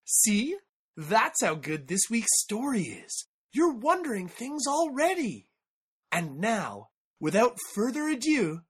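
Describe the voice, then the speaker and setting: Woman, story presenter, theatrical, teasing, lively pitch, husky. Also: takes it slowly. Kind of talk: playful showy introduction.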